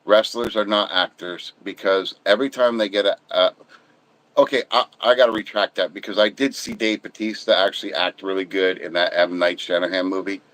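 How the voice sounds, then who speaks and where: Blunt, low-voiced ranting man. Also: steady tone, a little fast, fairly bright tone, low-quality recording. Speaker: livestream host. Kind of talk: casual opinionated chat.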